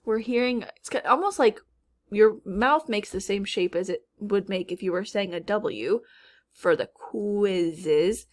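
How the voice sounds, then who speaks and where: A woman from Minnesota teaching a phonics lesson, drawing out and repeating each word to model its sounds. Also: medium pitch. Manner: slow, drawn-out word modeling.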